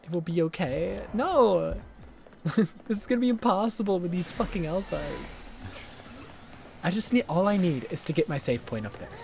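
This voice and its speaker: A man's voice: sits high, lively intonation, normal speed, gravelly, a little mellow, slight background noise. A man streaming a game live, swearing and talking back at the game in exasperated bursts. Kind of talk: live gameplay commentary.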